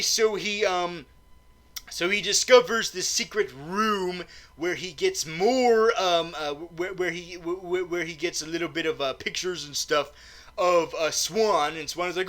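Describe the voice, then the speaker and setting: Rambling stammering recap host, high and bright voice, argues with himself. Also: male voice, a little slow. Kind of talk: comic movie recap.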